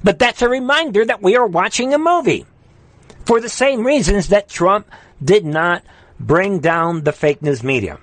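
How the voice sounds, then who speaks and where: A high-voiced man delivers a heated political livestream rant, hammering the same calls to his viewers over and over. His voice jumps between shouted urgency and quieter asides as he reads chat comments. The sound is close and dry, with no room in it. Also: animated, moderate pace, dry recording. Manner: fiery, repetitive exhortations, swings from shouting to quiet.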